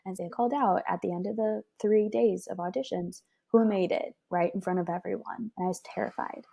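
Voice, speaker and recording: A young woman guest telling a personal story in a lively way, acting out the voices of people she quotes. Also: mid-range voice, brisk, gravelly, husky. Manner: lively, acts out quoted dialogue.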